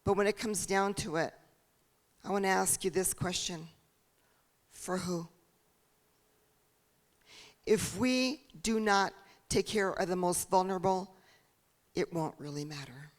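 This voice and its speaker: A woman's voice: fairly low pitch, measured pace, long pauses. A woman candidate giving an earnest, preaching campaign speech with rhetorical questions. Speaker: political candidate. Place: church hall.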